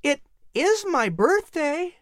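A bright, eager little boy in a storybook, his voice pitched high and swinging up and down as he pleads politely. It is close and dry, with no room around it. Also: very animated, slow pace, dry recording, exaggerated voice. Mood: pleading. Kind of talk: audiobook character voice.

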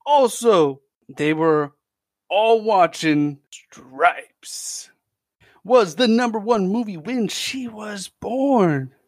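An enthusiastic man hosts his podcast in a chatty solo monologue. His voice sits a little high for a man and often trips into restarts. The sound is close and dry, with no room echo. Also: lively intonation, takes it slowly. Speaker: podcast host.

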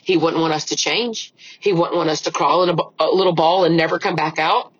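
A woman's voice: low voice, fairly even intonation, a little fast, husky, dry recording, highs cut off. A middle-aged woman hosting a faith podcast, talking earnestly through tears and praying aloud. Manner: earnest, emotional, repeats phrases. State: tearful, crying. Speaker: podcast host. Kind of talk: personal faith podcast talk and prayer.

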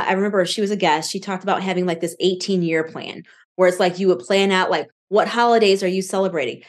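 A woman in her thirties, a podcast guest, telling lively stories and acting out the quotes she recalls. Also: mid-range voice. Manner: animated storytelling, acts out quotes. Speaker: podcast guest, financial coach. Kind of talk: casual podcast interview.

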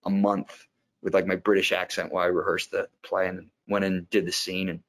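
A man with a very deep, low-pitched voice speaks as an interview guest. He is an actor who reflects on his craft in a thoughtful, unhurried way and explains his ideas at length. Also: little pitch movement, vocal fry, a bit bright. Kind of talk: conversational interview answer.

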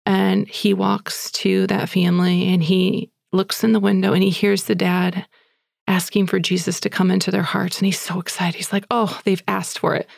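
Gravelly-voiced woman telling a story. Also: medium pitch, little pitch movement, normal speed, a little mellow, no echo, studio quality. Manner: chatty, breathless, with fillers like "like" and "you know". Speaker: podcast host. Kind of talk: casual storytelling.

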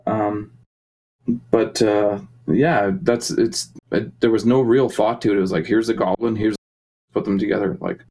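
A man's voice: lowish voice, steady tone, measured pace, darkish tone, rough recording. A man talking casually as a musician guest in an interview, rambling with many fillers and restarts. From Canada.

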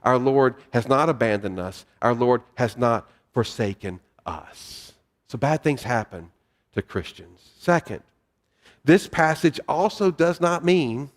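A male pastor preaching a sermon with measured pauses and repetition in a church sanctuary. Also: mid-range voice. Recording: long reverb of a hall.

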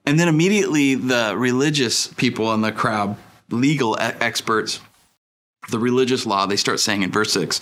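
A male pastor preaching a sermon in a conversational, storytelling way, with lively asides to the congregation. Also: medium pitch, normal speed, slight background noise.

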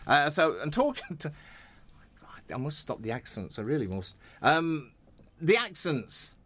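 Lively chatty male radio host. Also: a little high, moderate pace. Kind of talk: casual radio interview. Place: radio studio.

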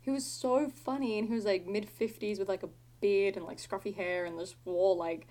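A woman's voice: medium pitch, fairly even intonation, moderate pace, warm tone. An Australian woman in her twenties co-hosting a podcast, chatty and giggly, rambling with lots of "like". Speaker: podcast co-host. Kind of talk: casual chat.

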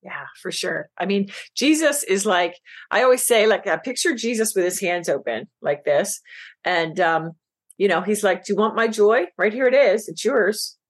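A middle-aged woman, a business coach, telling her story as a podcast guest, emotional and animated, acting out quoted lines. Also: mid-range voice, normal speed. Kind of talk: casual interview chat.

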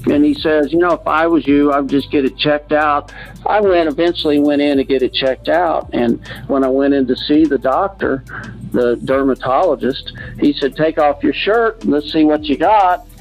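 Man, podcast guest, plain-spoken storyteller, muffled lo-fi sound, soft music underneath. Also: a little high. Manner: plain-spoken, acts out quoted doctors. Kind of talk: personal storytelling. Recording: dull lo-fi sound with faint music.

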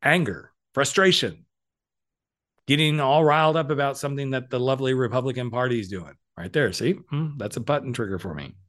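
A man's voice: mid-range voice, a little fast, a bit bright. Upbeat, cheeky middle-aged man. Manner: playful, upbeat, cheeky asides. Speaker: podcast host and coach. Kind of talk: casual motivational monologue.

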